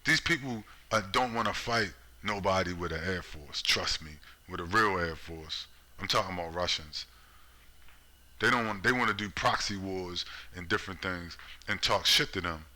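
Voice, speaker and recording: A man's voice: low voice, moderate pace, bright, forceful tone, low-quality recording. A man giving a profane, sarcastic vlog rant about politics, full of rhetorical questions. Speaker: political commentator. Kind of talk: ranting vlog commentary.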